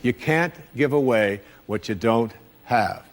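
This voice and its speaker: A man's voice: mid-range voice, slow pace, in a large hall. A man giving an inspirational lecture, speaking animatedly and repeating phrases for emphasis. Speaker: self-help speaker.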